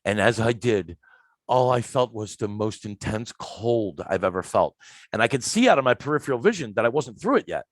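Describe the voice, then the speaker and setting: A man, a podcast guest telling a story in a lively, emphatic way and acting out the lines of the people in it. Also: medium pitch, normal speed, dry recording. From Philadelphia, USA. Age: 50s. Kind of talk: casual storytelling.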